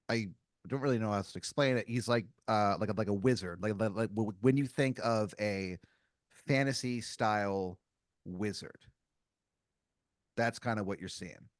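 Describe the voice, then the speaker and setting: A man's voice: on the low side, a little slow, long pauses, smooth, no room sound, studio quality. A man hosting a comedy podcast, narrating an improvised story with lots of filler words. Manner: rambling, heavy on filler words. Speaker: improv game master.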